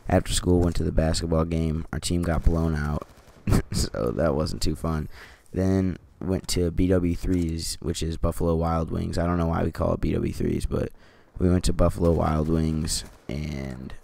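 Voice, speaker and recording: A man's voice: low-pitched, fairly even intonation, measured pace, creaky, hardly any pauses, dark tone, a little hiss or hum. A teenage boy at home telling a story in a casual, rambling way, saying "like" a lot and swearing. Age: teens. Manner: rambling, heavy use of "like", swears. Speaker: vlogger.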